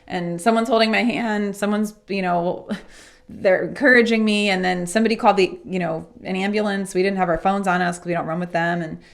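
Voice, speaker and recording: A woman's voice: medium pitch, fairly quick, vocal fry. A woman speaking as a podcast guest, telling a personal story earnestly and reflectively. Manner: acts out remembered dialogue in lively voices. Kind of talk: casual interview storytelling.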